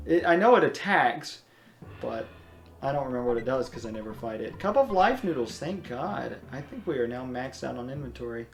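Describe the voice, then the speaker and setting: A woman hosting a let's play, chatting casually with her partner and narrating the game as she plays. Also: deep voice. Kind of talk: casual gameplay commentary. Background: faint game music.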